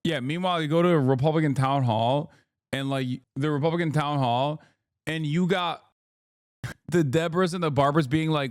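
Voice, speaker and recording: A man's voice: fairly high pitch, clean tone, dry recording, clean studio sound. A man in his thirties doing sarcastic, mocking reaction commentary on a live stream. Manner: sarcastic, mocking, quick asides.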